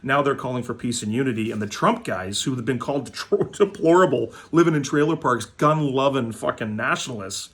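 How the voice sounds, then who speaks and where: A man's voice: mid-range voice, animated, fairly quick, hardly any pauses, a bit bright, husky. A man from Manitoba, Canada, hosting a hockey card vlog in a blunt, profane, rambling rant full of fillers.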